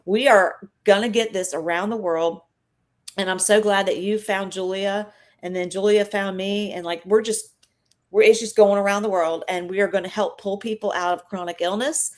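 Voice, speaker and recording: A woman's voice: mid-range voice, steady tone, normal speed. A middle-aged woman, guest on a live stream, telling an emotional faith and healing story in a chatty, earnest way.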